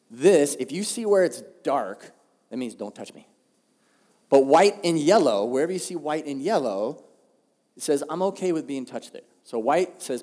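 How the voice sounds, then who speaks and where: A male pastor, preaching a sermon in a relaxed, conversational, humorous way. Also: mid-range voice. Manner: conversational, humorous, animated storytelling. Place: church auditorium. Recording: long hall reverb.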